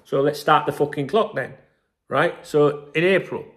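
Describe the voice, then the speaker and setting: This man's voice sits on the high side, fairly bright in tone, at a normal speed. Hosting a football channel, he gives loose, emphatic commentary to the camera, swearing often and repeatedly asking "right?"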